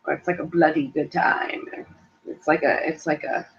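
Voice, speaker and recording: A woman's voice: sits low, normal speed, slight background noise. A middle-aged woman co-hosting a casual chat show, talking in a chatty way and laughing often. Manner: animated, chatty, laughs a lot, puts on voices to quote people. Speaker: co-host, mother. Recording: dull lo-fi recording.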